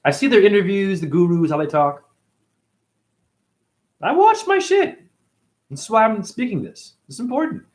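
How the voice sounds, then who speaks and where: A man's voice: sits high, animated, a little fast. A man hosting a casual livestream, reading viewer comments aloud and rambling in loose, slangy talk.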